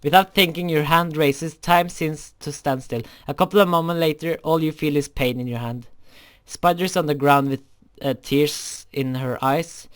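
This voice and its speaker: A man's voice: a little high, fairly even intonation, moderate pace, fairly bright tone, clear, resonant tone. Young man reading a fan story aloud. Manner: stumbling, self-correcting, laughs at the story.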